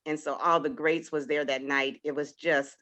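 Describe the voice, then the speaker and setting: A woman's voice: deep voice, steady tone, normal speed, a bit bright. A woman in her sixties, a poet, giving a heartfelt spoken tribute to her community, laughing often and trailing off as she gets emotional. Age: 60s.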